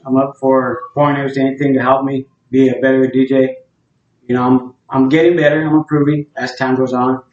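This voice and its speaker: A middle-aged man rambles through a plain-spoken monologue with a flat, even delivery. He sounds set back from the mic in an echoey room, and the recording is dull and lo-fi. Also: medium pitch. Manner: rambling, plain-spoken, many fillers and restarts. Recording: roomy, distant, dull lo-fi sound.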